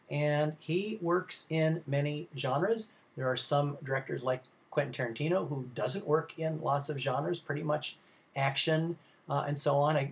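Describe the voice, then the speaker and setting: A man's voice: mid-range voice, gravelly. A male film instructor giving a recorded slide lecture, chatty and rambling, with many filler sounds and restarts, speaking directly to his students. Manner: conversational, addresses students directly.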